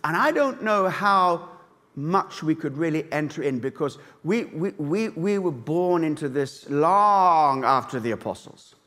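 Pastor, man, southern English accent, earnest sermon, fairly high voice, long church reverb. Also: expressive, unhurried, a bit bright. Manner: earnest, with emphatic rises and many restarts.

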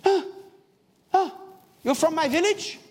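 A man's voice: extremely high pitch, animated, moderate pace, voice pushed up. A man acting out a villager who hears a stranger praying in his own village dialect and keeps pressing her with questions. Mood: eager. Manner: eager, insistent questioning. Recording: long hall reverb, faint noise.

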